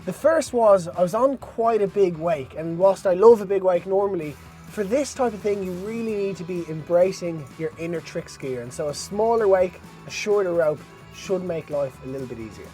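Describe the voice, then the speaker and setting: A man with a light, high voice talks chattily to camera outdoors on a lake, upbeat and quick to laugh at himself. Music and a boat engine play behind him. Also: dark tone. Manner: chatty, upbeat and self-amused. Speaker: wakeboarding vlogger. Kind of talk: casual chat to camera.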